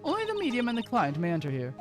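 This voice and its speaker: A woman's voice: on the high side, wildly swooping pitch, voice pushed up. A woman voicing a stern, formal older woman of a spirit-medium clan, reading game dialogue aloud. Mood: haughty. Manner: stiff, haughty, slow and formal. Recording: game music behind.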